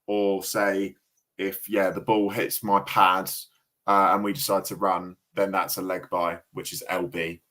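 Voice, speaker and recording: Lowish-voiced man explaining cricket. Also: unhurried. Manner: explains rules patiently, excitable at big plays. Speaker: cricket expert co-host. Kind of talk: casual watch-party commentary.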